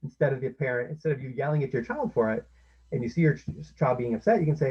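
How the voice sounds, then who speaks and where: A man's voice: mid-range voice, fast talker, breathy edge, muffled recording. A man presenting a parenting workshop, explaining step by step and acting out what parents can say. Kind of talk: instructional talk.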